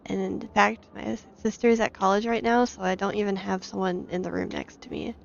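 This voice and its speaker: A shy young woman in her twenties chatting hesitantly and softly on a game stream. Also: mid-range voice, steady tone, fairly quick, creaky, a little hiss or hum. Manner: soft-spoken, shy and hesitant. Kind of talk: casual game stream chat. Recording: dull lo-fi mic audio. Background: faint game music.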